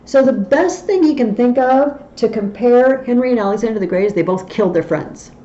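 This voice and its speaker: Mellow woman teaching a literature tutorial. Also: fairly high pitch, animated, fairly quick. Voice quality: explanatory with wry asides. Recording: dull, faintly noisy recording.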